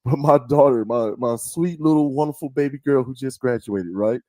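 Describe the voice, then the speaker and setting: A man's voice: mid-range voice, moderate pace, warm tone, dry recording. A middle-aged man from the who hosts a podcast in a casual chatty way, telling stories and mimicking voices. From American South. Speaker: podcast host. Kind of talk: casual chat. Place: small podcast studio.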